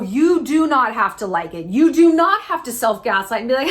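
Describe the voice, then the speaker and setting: A woman in her thirties giving blunt advice straight to her viewers, emphatic and salty-mouthed, with big swings in pitch. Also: big pitch swings, moderate pace, few pauses. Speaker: YouTube commentator. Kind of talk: direct-to-camera advice talk.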